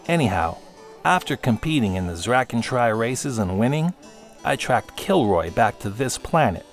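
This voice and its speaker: A man's voice: medium pitch, big pitch swings, a little slow, vocal fry, long pauses. A man voicing a cocky, vain young pilot with a smug, brash way of talking, over background music.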